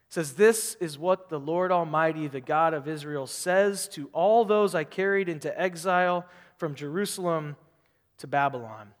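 A pastor delivers his sermon in a bright, high-pitched male voice. He preaches with animation, repeats phrases for emphasis and acts out quoted voices. Every word trails off into the long reverb of a large hall.

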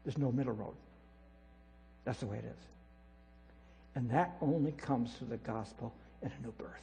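A man preaching a sermon as pastor, emphatic and repetitive, swinging between loud declarations and quiet asides. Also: medium pitch, moderate pace, creaky. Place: church sanctuary. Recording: reverberant hall with mains hum.

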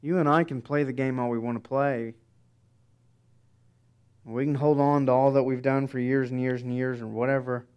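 A pastor preaching a sermon, emphatic, with dramatic soft pauses. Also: male voice, mid-range voice, flat delivery, clean tone.

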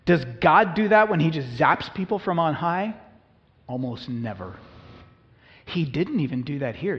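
A male pastor preaching a conversational sermon, acting out biblical dialogue with humor. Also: mid-range voice. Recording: reverberant hall, dull lo-fi sound.

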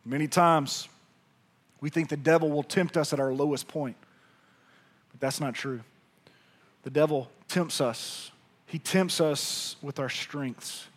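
A male pastor with a notably high voice for a man, preaching with energy. He calls out to the congregation and urges them along. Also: unhurried. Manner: energetic, talks to the congregation directly. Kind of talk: sermon.

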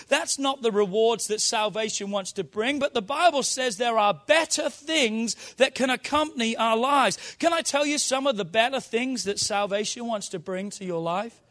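A man's voice: very high voice, sharp tone. A man preaching a sermon as pastor, emphatic, calling the congregation to answer back. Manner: emphatic call-and-response preaching.

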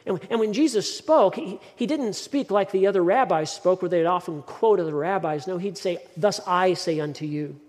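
Pastor, male, emphatic sermon delivery with repeated words; raised pitch, long hall reverb. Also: normal speed, few pauses, darkish tone.

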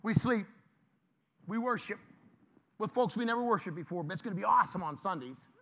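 A male pastor giving an informal, lively sermon and joking with his congregation. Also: high voice, fairly quick.

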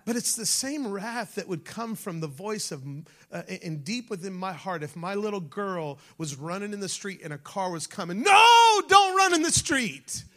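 The pastor's high-pitched voice moves at a moderate pace with few pauses as he preaches. He calls out to the congregation, at times falling to a near-whisper in his animated delivery.

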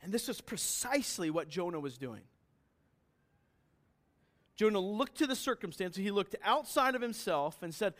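A man preaching a sermon to a congregation, earnest and questioning, rising now and then to loud emphatic bursts. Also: high voice, lively intonation, moderate pace. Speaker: pastor. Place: church hall with congregation.

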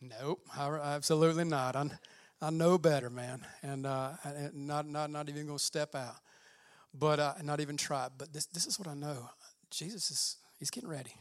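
A man preaching a fervent sermon as pastor, often saying "man" and swelling loud when he reads scripture. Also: fairly high pitch, fairly even intonation, moderate pace, no echo, studio quality.

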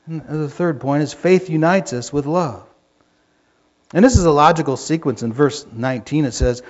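A man preaching a sermon in a fervent way that rises to yelling when he gets excited, in a dull lo-fi recording. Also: a little high, normal speed. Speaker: pastor.

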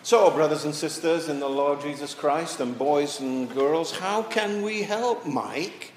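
A man preaching a sermon as pastor in a church, reading scripture and telling a story with slow, deliberate pauses. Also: fairly high pitch, a little hiss or hum. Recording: echoey church from a distance.

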